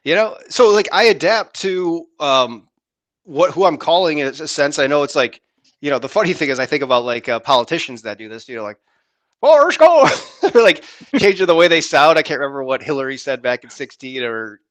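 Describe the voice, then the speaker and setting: A man in sales co-hosting a podcast, talking in an animated, rambling way and acting out his phone calls. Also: on the high side, a little fast, no echo. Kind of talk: casual chat.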